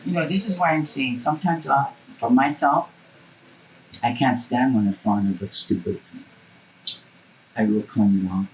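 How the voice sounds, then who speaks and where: A woman's voice: very deep voice, moderate pace, long pauses, a little hiss or hum, rough recording. A woman telling stories bluntly in an interview, swearing freely and acting out the voices of the people in them. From Hawaii. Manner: acts out voices in her stories. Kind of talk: casual storytelling.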